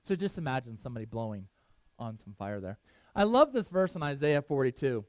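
A man's voice: medium pitch, sing-song, fairly quick, darkish tone, no echo. A middle-aged man preaching a casual sermon, chatting with his listeners, asking them questions and laughing often. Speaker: pastor.

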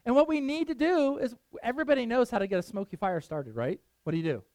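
A man's voice: very high voice, lively intonation, fast talker, a little mellow, dry recording. A middle-aged man preaching a casual sermon, chatting with his listeners, asking them questions and laughing often. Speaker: pastor.

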